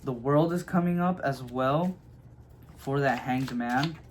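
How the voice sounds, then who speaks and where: A man's voice: mid-range voice, slow, background noise. A man giving a casual tarot reading, chatty and loose, full of fillers and "okay?" check-ins. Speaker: tarot reader.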